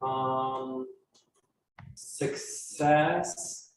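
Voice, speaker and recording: A man hosting a casual working session, hesitant and often clearing his throat. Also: medium pitch, steady tone, extremely slow, soft background music. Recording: echoey room.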